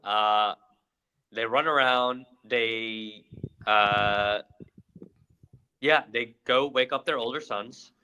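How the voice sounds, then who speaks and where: A young adult man, a podcast co-host, retelling events in a casual, animated storytelling way. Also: mid-range voice, very slow, pauses often, clear, resonant tone, poor audio. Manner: animated retelling with acted-out quotes.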